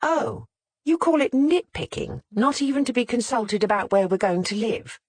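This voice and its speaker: A woman's voice: fairly high pitch, expressive, normal speed, a little mellow, no room sound, voice pushed up. Snappy sniping wife in her thirties, read out by a narrator, dry close sound. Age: 30s. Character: sharp-tongued wife in her late thirties.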